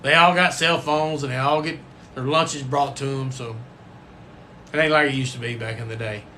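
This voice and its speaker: A man's voice: mid-range voice, fairly even intonation, moderate pace, pushed and bright, a little hiss or hum. A man hosting a casual livestream, folksy and rambling, with the odd cuss word. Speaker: livestream host and football coach.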